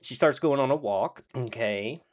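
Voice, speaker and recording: A man's voice: medium pitch, unhurried. A man casually recapping TV episodes in a rambling, profane, sarcastic way, full of fillers and restarts. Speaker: TV show reviewer.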